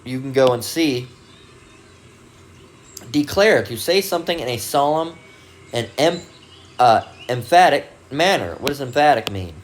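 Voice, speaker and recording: A man's voice: mid-range voice, expressive, unhurried, long pauses, slight background noise. A man giving a casual, rambling Bible teaching talk, full of fillers and restarts, and reading dictionary definitions aloud. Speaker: religious video host.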